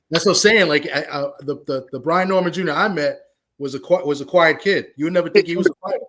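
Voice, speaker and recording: Man, co-host, soft interjections, slightly high voice, noisy background. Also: fairly quick. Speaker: podcast co-host. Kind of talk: casual chat.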